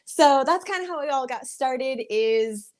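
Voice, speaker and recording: Mujer joven relajada, voz algo aguda. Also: female voice, sits high, lively intonation, a little slow, faint music behind. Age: young adult. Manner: easygoing, many fillers like "like". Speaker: guest crochet designer. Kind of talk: casual interview chat.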